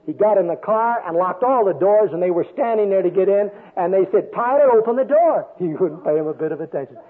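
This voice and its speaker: An older man preaching a sermon with a storytelling manner, swinging from loud emphasis down to a soft hush. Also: high-pitched, brisk, breathy edge. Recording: tinny phone-like radio sound.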